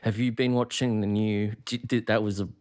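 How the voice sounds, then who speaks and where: A man's voice: on the low side, flat delivery, moderate pace, darkish tone. A man chatting on a podcast, teasing and telling stories. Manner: teasing, storytelling. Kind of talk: casual chat.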